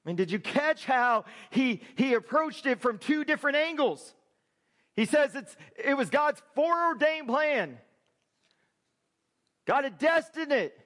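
High-voiced man preaching in a reverberant hall. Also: animated, measured pace, fairly bright tone. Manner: conversational preaching with asides. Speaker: pastor. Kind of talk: sermon.

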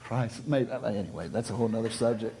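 A pastor preaching a sermon, telling a story with lively swings between loud and hushed delivery. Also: male voice, on the low side, a little fast, slight background noise. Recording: long reverb of a large hall.

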